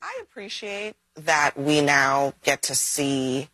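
Measured, husky woman panelist. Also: deep voice, lively intonation, pushed and bright, no echo, poor audio. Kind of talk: political panel discussion.

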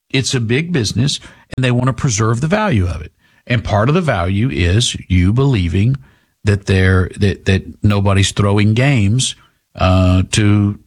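A man's voice: mid-range voice, slightly rough. A male talk show host giving opinionated, rambling commentary on sports and politics, emphatic, with frequent restarts.

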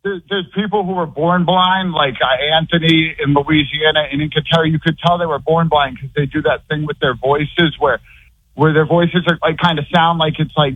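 A man's voice: on the high side, steady tone, normal speed, no room sound. Rambling male caller on a tinny phone line. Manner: rambling, heavy use of "like". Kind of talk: phone call into a talk show. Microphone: telephone.

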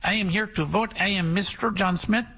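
A man's voice: high-pitched, pushed and bright, husky, exaggerated voice. A man playing a fake voter stammering a name. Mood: sly. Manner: halting, broken phrasing. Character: man posing as a long-dead voter.

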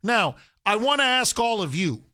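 A man's voice: high-pitched, sing-song, moderate pace, bright, forceful tone, no echo. A man hosting a talk radio show, delivering an emphatic, combative monologue into a studio microphone and restarting phrases often.

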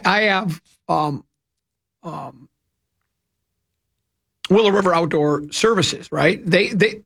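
A man's voice: sits high, creaky, fairly bright tone, slightly rough. A man hosting a radio talk show, telling rambling, chatty anecdotes into a studio microphone. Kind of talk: casual radio storytelling.

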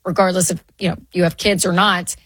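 A woman co-hosts a call-in advice show in a lower, dry studio voice. She talks in a plain, encouraging way. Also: flat delivery, a little fast, a bit bright, husky, dry recording. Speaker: radio show co-host.

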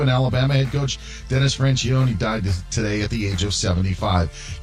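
A man reading a scripted sports news update as anchor, brisk and steady. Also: medium pitch. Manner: brisk newsreader delivery.

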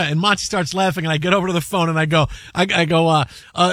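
A man's voice: on the high side, fast, few pauses, a bit bright, no room sound, studio quality. A man hosting a sports radio show, chatting casually and acting out quotes, often laughing. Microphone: studio microphone.

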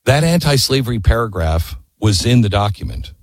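Male history storyteller, husky, lively delivery, passionate and emphatic, dry close sound. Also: mid-range voice, moderate pace, dry recording. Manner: impassioned, emphatic, rhetorical questions. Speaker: history commentator.

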